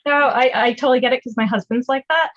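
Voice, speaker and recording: A woman's voice: sits high, steady tone, fast talker. A woman hosting an interview, asking light questions and laughing along. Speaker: interview host. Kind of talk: casual interview chat. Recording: dull, lo-fi sound.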